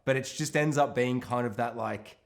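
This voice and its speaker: A man's voice: mid-range voice, moderate pace, gravelly. A man co-hosting a podcast, chatting casually about a film, swearing freely and slipping into voices for the characters. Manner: animated, swearing, acts out characters in quotes. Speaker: podcast co-host.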